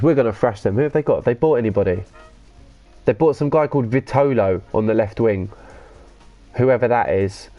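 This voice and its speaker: A gaming streamer with a medium-pitched voice talks excitedly as he plays, answering viewers' comments in slang and dropping the odd curse. The highs in the recording are cut off.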